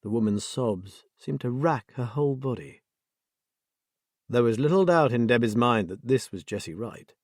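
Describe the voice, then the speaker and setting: An expressive male audiobook narrator reads in a mid-range voice at normal speed. The recording is clean studio sound with no echo.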